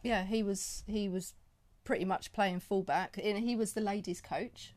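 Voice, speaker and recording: A woman's voice: mid-range voice, steady tone, a little slow, a little mellow. A young woman chatting as a guest on a live show, plain-spoken and easygoing, giving short replies. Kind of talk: casual chat.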